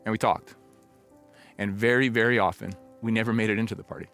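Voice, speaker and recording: A man's voice: fairly low pitch, steady tone, fast talker, fairly bright tone, faint music behind. Man telling a reflective sermon story. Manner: conversational, reflective storytelling with acted-out quotes. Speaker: pastor.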